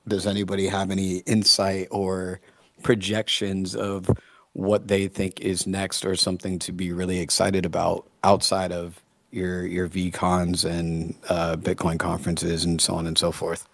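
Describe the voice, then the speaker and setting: A man's voice: sits low, monotone, unhurried, creaky, a bit bright, no room sound. A man chatting casually as a guest in an online audio room, rambling and laughing easily. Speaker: guest speaker. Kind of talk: casual chat. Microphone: online audio room mic.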